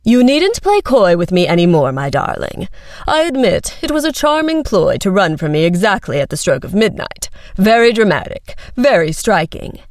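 A woman's voice: medium pitch, big pitch swings, normal speed, dry recording, studio quality, natural voice. A woman playing a smug, pompous young prince. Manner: smug, condescending, grabby.

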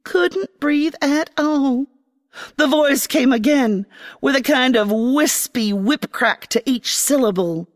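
A woman narrating a first-person fantasy story in an expressive, dramatic way. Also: high voice, slow, long reverb tail. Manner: expressive, dramatic, voicing a young girl.

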